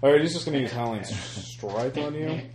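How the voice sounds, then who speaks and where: A man running a tabletop game as game master, lively and quick to laugh and riff with his players. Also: mid-range voice, a crowd in the background. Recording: roomy recording with faint noise.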